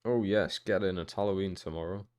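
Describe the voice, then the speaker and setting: A young man with a low, deep voice commentates his own football game on a live stream. He chats loosely and swears often, then bursts into loud, excited shouts when something big happens on the pitch. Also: brisk, smooth.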